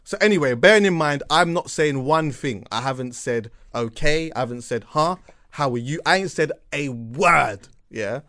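A man telling a long story on a podcast in a lively, animated way, repeating words for effect and checking in with "yeah?". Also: medium pitch, normal speed, hardly any pauses. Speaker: podcast co-host. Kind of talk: casual storytelling chat.

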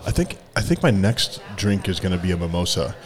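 A man's voice: deep voice, sing-song, a little fast. A man co-hosting a podcast in casual chat, with a dry, wry humor. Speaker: podcast co-host.

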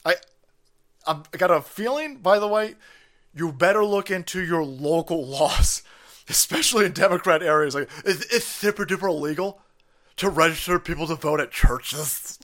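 A man hosting a livestream, ranting casually in a profane, animated way and often breaking into laughter. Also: a little high, normal speed. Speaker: livestream host.

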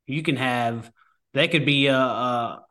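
A firefighter talks casually as a podcast guest and rambles through his points with restarts. His voice is bright and forward, at a middle pitch. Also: takes it slowly. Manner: rambling, many fillers and restarts. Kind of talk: casual conversation.

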